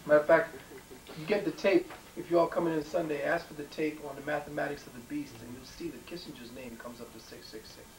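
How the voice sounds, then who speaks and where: A man's voice: on the high side, fairly even intonation, quick pace. A man giving a rambling conspiracy talk, emphatic, with frequent ums and repeated words. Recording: echoey room, mic far off, faint noise.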